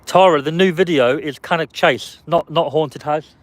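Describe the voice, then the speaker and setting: A man's voice: fairly high pitch, normal speed. A man on a casual live stream, talking from a parked car in a fairly light, slightly raised voice. He chats freely, answering viewers' comments one by one and playfully guessing the names of strangers walking past.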